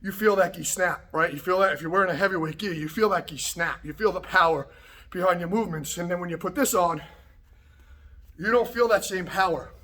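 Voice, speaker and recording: A man teaching karate to the camera in a casual, relaxed way, a little out of breath after working out, often checking in with "okay" and "right". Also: sits high. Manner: relaxed, repetitive coaching with frequent okay and right. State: slightly out of breath after a workout. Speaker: karate instructor. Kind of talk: casual instructional talk to camera. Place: martial arts practice space, indoors.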